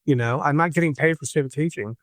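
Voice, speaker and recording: A man from Michigan, a podcast guest, telling a personal story in an animated way and acting out the voices he quotes. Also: a little high, fast, no room sound. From Michigan, USA.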